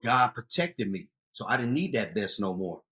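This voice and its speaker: A man in his fifties, a youth outreach founder, telling street stories in a casual interview, bursting loud at times. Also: fairly low pitch, normal speed, husky. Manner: animated street storyteller, loud outbursts.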